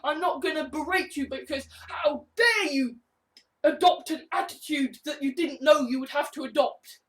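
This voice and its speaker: Sarcastic high-voiced man ranting. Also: normal speed, fairly bright tone. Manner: sarcastic, indignant, profane, repeats himself. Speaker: online commentator. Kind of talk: ranting monologue compilation.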